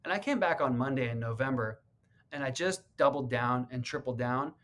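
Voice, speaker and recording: A man in an interview telling his own story in an earnest, heartfelt way. His voice sits at a middle pitch. He stumbles and repeats words when the story gets emotional. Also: normal speed, a bit bright. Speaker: real estate agent. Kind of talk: personal storytelling in a sit-down interview.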